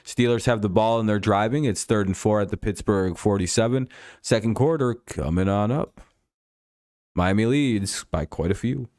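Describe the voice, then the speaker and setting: A man's voice: fairly low pitch, normal speed, darkish tone, dry recording, clean studio sound. A man hosting a live stream, casually chatting with viewers while commenting on a football game, rambling, laughing often and swearing freely.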